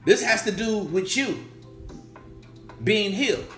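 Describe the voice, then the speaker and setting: A man preaching a sermon as pastor, animated, repeating his questions and acting out the voices of his listeners. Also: sits high, slow. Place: church sanctuary. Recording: echoey church room with music.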